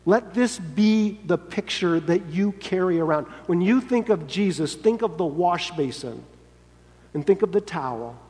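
A man's voice: high-pitched, lively intonation, unhurried, darkish tone. A man preaching a sermon in an earnest, emphatic way, sometimes acting out quoted lines. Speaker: pastor. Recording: long hall reverb.

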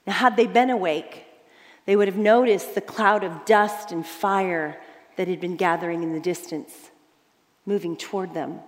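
A woman's voice: fairly low pitch, normal speed. Woman preaching in a reverberant hall. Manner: dramatic storytelling, drops to hushed tones and rises for emphasis. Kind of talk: sermon.

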